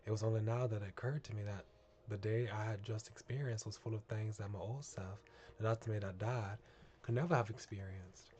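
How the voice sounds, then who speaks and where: Fields: Sex: man. Role: streamer reading game narration. Pitch: low. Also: fairly even intonation, darkish tone, muffled recording, a little hiss or hum. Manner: measured, earnest, with small restarts. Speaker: streamer reading a visual novel.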